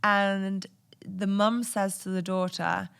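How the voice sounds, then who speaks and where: A woman's voice: mid-range voice, level tone, takes it slowly, creaky, fairly bright tone, clear, resonant tone. Candid, swearing woman podcaster. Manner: candid, swears freely, laughs often. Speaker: podcast host. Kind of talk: casual confessional podcast monologue.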